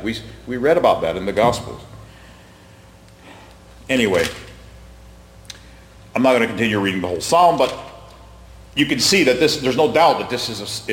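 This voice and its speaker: A man's voice: mid-range voice, lively intonation, moderate pace, long pauses. A man teaching a Bible study class in a conversational way, quizzing the group and often repeating his words. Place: room with a class present. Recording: echoey hall reverb.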